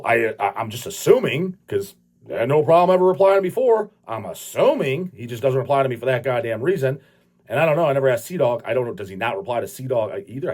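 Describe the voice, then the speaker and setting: Profane rambling husky man. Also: mid-range voice, a little mellow. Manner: profane, rambling, laughing often. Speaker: channel host. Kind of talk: casual ranting monologue.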